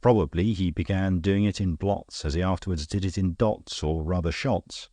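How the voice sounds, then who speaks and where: Guy reading a low, calm know-it-all gentleman detective, dry and wry, audiobook style. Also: moderate pace, no echo. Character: cool, worldly male gentleman detective.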